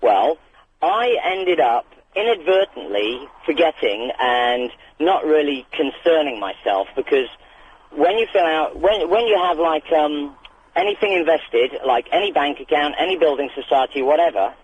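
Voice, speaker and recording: A man from Britain calling in to a radio show, telling his story with indignant, animated energy. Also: on the high side, moderate pace, a little hiss or hum. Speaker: caller. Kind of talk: phone-in chat. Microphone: telephone. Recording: lo-fi phone line.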